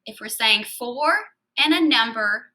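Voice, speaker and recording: A young adult woman teaching Spanish grammar in a recorded lecture, explaining step by step in a clear, even way. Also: fairly high pitch, measured pace, low-quality recording.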